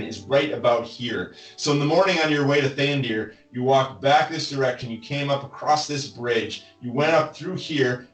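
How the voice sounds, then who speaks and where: A man with a mid-range voice narrates a tabletop fantasy game as game master. He talks in a quick, easygoing way over a video call, with faint music behind him. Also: medium pitch, roomy sound, far from the mic, poor audio.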